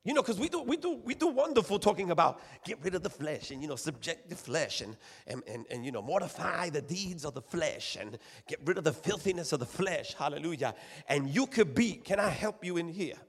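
A man's voice: a little high, big pitch swings, brisk, slightly rough. A man preaching a sermon, calling out to the congregation and repeating his phrases. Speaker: pastor. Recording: long echo of a church hall.

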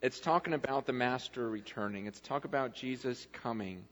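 A man preaching a sermon as pastor, moving between loud animated appeals and quiet, intimate talk. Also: mid-range voice, normal speed. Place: church hall. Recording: dull hall recording with mains hum.

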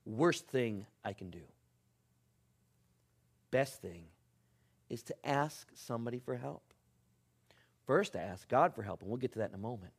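A middle-aged man preaching a sermon as a pastor, swinging from loud emphatic lines to hushed, almost whispered ones. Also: medium pitch, animated, a little slow, creaky, pauses often, slightly rough.

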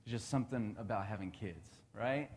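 A man's voice: on the low side, fairly quick, darkish tone, in a large hall, slight background noise. A man in his thirties giving a casual devotional talk, chatty and laughing often.

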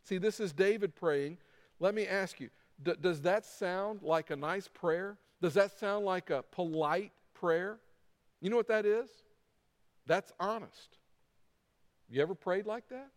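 A man's voice: high-pitched, unhurried. A middle-aged man preaching a sermon as pastor, with emphatic repetition and acted-out quotes. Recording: long reverb of a large hall.

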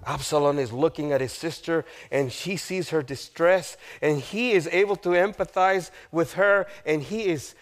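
A male pastor preaching a sermon, retelling a story with drama, asking the audience questions and dropping to a hushed voice at grave moments. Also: on the high side, a little slow. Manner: dramatic, acts out the figures in quoted lines, asks the audience questions.

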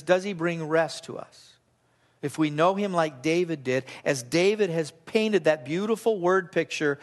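Male pastor, high-pitched voice, earnest sermon delivery, emphatic repetition. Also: a bit bright. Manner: earnest, emphatic preaching with repeated phrases; slows down to read scripture aloud.

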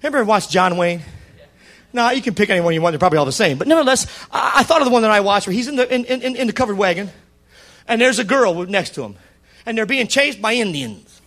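A man in his fifties preaching a sermon, telling stories and building up to shouted praise. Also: high-pitched, expressive, quick pace.

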